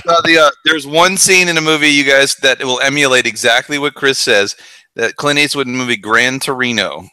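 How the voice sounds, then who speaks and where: Bright-voiced man retelling movie scenes. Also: mid-range voice, a little fast, clear, resonant tone, no room sound, low-quality recording. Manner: animated retelling of scenes, voicing the characters. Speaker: podcast co-host. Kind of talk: casual movie rant.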